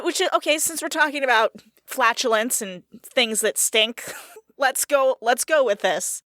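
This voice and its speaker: A woman's voice: fairly high pitch, a bit bright, no room sound, studio quality. A woman co-hosting a casual podcast, talking frankly and laughing often. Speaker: podcast co-host. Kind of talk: casual chat.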